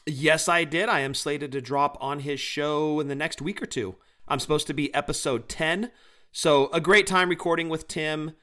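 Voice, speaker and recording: A man's voice: a little high, steady tone, normal speed, pushed and bright. A man co-hosting a podcast, chatting casually and doing enthusiastic, joking plugs for other shows. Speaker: podcast co-host.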